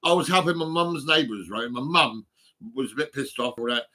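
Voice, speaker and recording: A man's voice: mid-range voice, moderate pace, bright, forceful tone. A middle-aged man from Hampshire with a southern English accent, chatting casually into a phone in a small home room, rambling and swearing, with many halts and fillers. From England, Hampshire. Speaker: vlogger.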